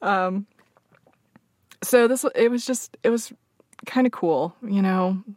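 A woman telling a personal story in an open, reflective way, filling pauses with soft fillers and close to tears. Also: mid-range voice, dry recording. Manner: open and reflective, many fillers, laughs softly. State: emotional, near tears.

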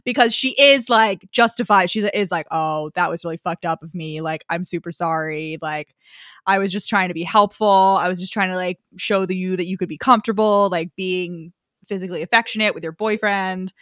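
A woman's voice: lowish voice, a little fast, fairly bright tone, no echo. A woman chatting casually as a podcast co-host, blunt and sardonic, swearing freely as she recaps a story. She acts out the characters' lines as she goes. Her voice is recorded dry and close, with no room sound. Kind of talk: casual chat.

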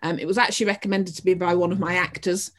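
A woman's voice: on the low side, fairly even intonation, fast talker. Woman, Northern English accent, podcast guest, earnest, passionate, talks in restarts. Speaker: prison theatre practitioner, podcast guest. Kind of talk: podcast interview answers.

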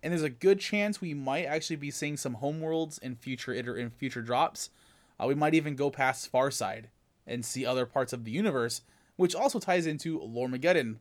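A man co-hosting a gaming podcast, recapping news in an excitable, rambling way. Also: medium pitch, a little fast. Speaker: podcast co-host. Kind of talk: casual gaming podcast chat.

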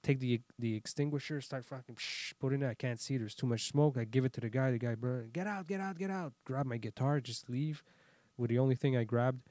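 A man's voice: medium pitch, steady tone, brisk, hardly any pauses, mellow, no room sound. A man telling a long story in casual chat, acting out quotes and swearing often.

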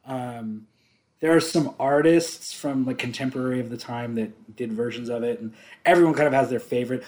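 A man's voice: mid-range voice, normal speed, darkish tone. A man co-hosting a podcast, talking casually and enthusiastically about a film, laughing often and swearing freely. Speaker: podcast co-host.

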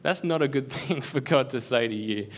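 A man's voice: mid-range voice, normal speed. A man giving a casual devotional talk as a preacher. He speaks in a conversational and earnest way, full of fillers and restarts. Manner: conversational, filler-heavy, earnest, with frequent repeats.

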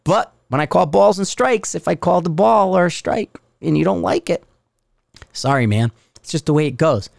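A middle-aged podcast host from Connecticut rambles through a profane, sarcastic rant in a Northeastern US accent. His voice sits somewhat high for a man. The sound is dry and close, with no room around it. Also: lively intonation, normal speed, creaky, no echo. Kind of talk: ranting podcast monologue.

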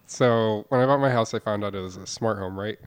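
A young man on a comedy podcast, pitching absurd ideas in a deadpan improvised bit. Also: a little fast, clean tone. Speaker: podcast co-host.

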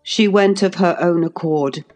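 A woman voicing a proud gentleman of the house in an audiobook, speaking in a clipped, commanding way. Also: fairly low pitch, a little slow, faint music behind, natural voice. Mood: cold. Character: stern gentleman, agitated then coldly proud.

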